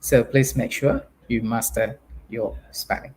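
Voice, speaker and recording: A man with a Malaysian English accent teaching an online English class, talking to viewers with a lively, teacherly delivery. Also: medium pitch, measured pace, husky. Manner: animated, exaggerates intonation to teach.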